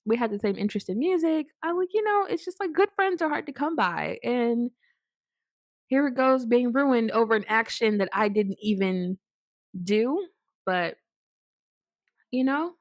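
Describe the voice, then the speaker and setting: A woman's voice: fairly high pitch, measured pace, pauses often, no echo, clean studio sound. A young woman casually telling a long personal story to her viewers, rambling with lots of fillers and restarts and acting out what people said. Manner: rambling, filler-heavy, animated quoted asides. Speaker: storytime vlogger.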